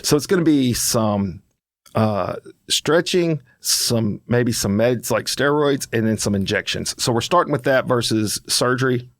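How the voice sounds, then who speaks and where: A man's voice: mid-range voice, a little slow, dry recording, studio quality. A man in his fifties, a podcast co-host, telling stories in casual chat and acting out other people's voices as he goes. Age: 50s. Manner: animated storyteller who acts out other people's voices.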